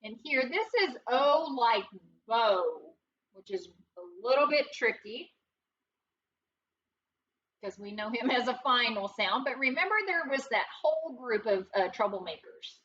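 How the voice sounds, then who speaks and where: Woman, phonics teacher for young kids, high voice, slow and playful, distant dull recording. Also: expressive, a bit bright, slight background noise. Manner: slow, patient, playful teacher talk with sing-song emphasis. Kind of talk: recorded remote phonics lesson for first graders.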